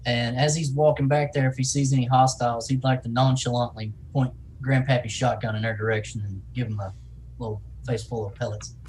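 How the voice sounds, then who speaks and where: A man's voice: medium pitch, fairly even intonation, brisk, a little mellow, slight background noise, low-quality recording. A man playing a tabletop game, casually describing what his character does. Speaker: player.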